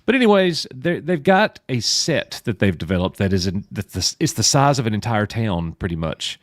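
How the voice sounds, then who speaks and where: Animated man hosting a livestream chat. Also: lowish voice, moderate pace, dry recording, studio quality. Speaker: podcast host.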